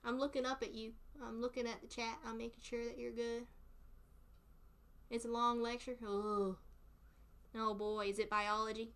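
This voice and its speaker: A woman's voice: on the high side, level tone, moderate pace, long pauses, fairly bright tone, smooth. A young woman with a Southern US accent, chatting casually with her live stream chat, playful and often laughing.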